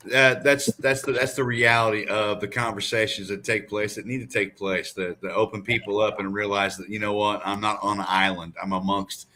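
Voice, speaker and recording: A lower-pitched man who hosts a podcast, with a very bright, tense edge to his voice. He chats casually and keeps backing up his guest with short, affirming remarks. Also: little pitch movement, normal speed, hardly any pauses, a little hiss or hum. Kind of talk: casual chat.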